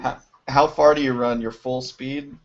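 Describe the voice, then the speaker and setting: A man running a tabletop game in casual chat, breaking into laughs and filling pauses with ums. His voice sits at a middling pitch. The sound is dull and lo-fi. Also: steady tone, slight background noise. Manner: laughing, hesitant with frequent ums. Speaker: game master.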